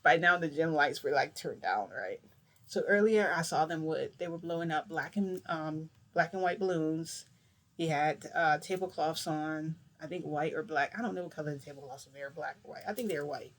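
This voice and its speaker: A young woman with a deep voice tells a long, shifting story at a moderate pace in her vlog. She rambles casually, animatedly acting out everyone's lines and swearing mildly.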